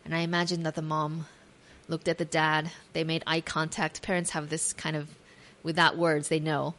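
A woman with a slightly low voice tells a Bible story as a devotional talk. She reads scripture aloud and then imagines the scene in her own words, adding gentle asides to the listener. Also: little pitch movement, normal speed. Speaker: devotional speaker.

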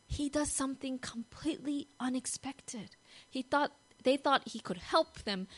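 A woman giving a devotional talk. She tells the story animatedly, often asks "right?", and moves from soft, hushed passages to loud, excited ones. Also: medium pitch, normal speed, rough recording. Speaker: Christian devotional speaker.

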